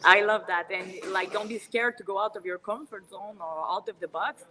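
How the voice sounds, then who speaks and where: A woman whose first language is French, a professional fighter talking as a guest in a casual interview, friendly and pausing to search for words. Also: medium pitch, a crowd in the background, poor audio.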